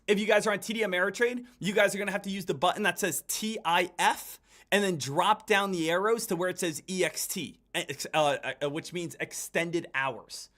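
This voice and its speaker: A man's voice: sits high, normal speed, bright, forceful tone. A man hosting a live day-trading stream, giving urgent, repetitive commentary and addressing viewers as guys. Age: adult. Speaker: day trader hosting a livestream.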